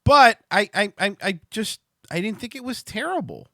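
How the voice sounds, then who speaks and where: A man with a bright, lively voice that swings up and down a lot, talking to viewers on his livestream. He rambles and swears freely, and he trips over his own restarts. The sound is dry and close. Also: sits high, normal speed, creaky, dry recording. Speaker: livestream show host. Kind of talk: casual livestream chat.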